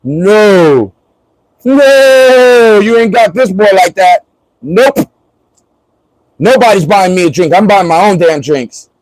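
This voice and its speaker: A man's voice: high voice, animated, slow, long pauses, darkish tone, no room sound, rough recording. A man from Florida chatting casually on a livestream, joking and rambling and laughing often.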